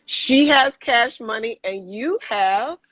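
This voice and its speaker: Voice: medium pitch, takes it slowly, a bit bright, dry recording, muffled recording. A Southern host running a casual interview on a video call, speaking in an agreeable way with many fillers. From American South. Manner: friendly, agreeable, filler-heavy.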